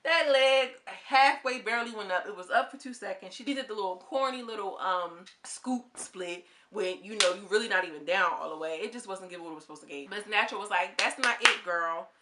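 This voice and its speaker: A woman's voice: mid-range voice, a little fast, few pauses, fairly bright tone, a little hiss or hum. A young woman giving a candid, slangy, opinionated review of a reality show in a casual vlog.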